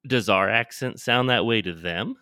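Man, podcast co-host, casual chat, hesitant, halting, dry close sound. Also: fairly low pitch, sharp tone, clean tone, no echo. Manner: hesitant, many fillers and restarts.

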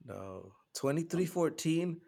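A man's voice: on the high side, very animated, takes it slowly, gravelly, mellow. A man co-hosting a podcast, bantering casually with a friend and calling him bro. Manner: laid-back banter, calls people bro. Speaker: podcast co-host. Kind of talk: casual chat.

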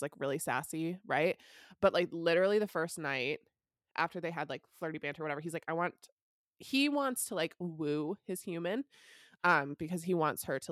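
A young woman with a low voice talks through a story in loose, rambling podcast chat, leaning on "like" and casual swearing. The sound is dry and close. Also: no room sound. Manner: chatty, peppered with "like" and casual swearing. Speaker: podcast co-host. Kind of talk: casual book recap chat.

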